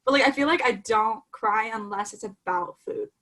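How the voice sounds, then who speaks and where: A woman co-hosting a podcast, chatting casually, blunt in short quips and rushing through run-on stories. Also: fairly high pitch, fairly bright tone. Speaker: podcast co-host. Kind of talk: casual chat.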